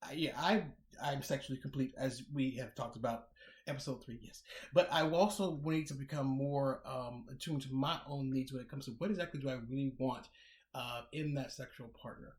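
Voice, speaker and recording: A man's voice: medium pitch, moderate pace. A man in easy podcast conversation, weighing each point and often repeating a word before he goes on. His voice carries the ring of a roomy, echoing space around him. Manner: reflective, repeats words while thinking. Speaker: podcast co-host. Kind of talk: casual chat. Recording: roomy echo.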